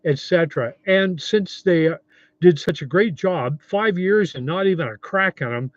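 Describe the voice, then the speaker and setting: A man's voice: high voice, unhurried, no room sound, dull audio. A 70-year-old man hosting a casual livestream, rambling in a friendly way and reading viewer comments aloud. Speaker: livestream host.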